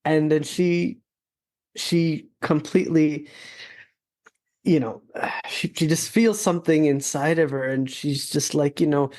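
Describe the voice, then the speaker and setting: A man's voice: fairly high pitch, fairly even intonation, takes it slowly, a little mellow. Earnest man telling a story. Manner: earnest, reflective. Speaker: podcast host. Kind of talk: casual storytelling.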